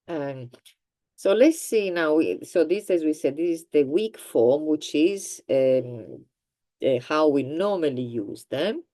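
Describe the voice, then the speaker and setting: A woman with an Italian accent teaching a grammar lesson, explaining slowly with example sentences and laughing now and then. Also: rumbling low, mellow. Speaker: language teacher.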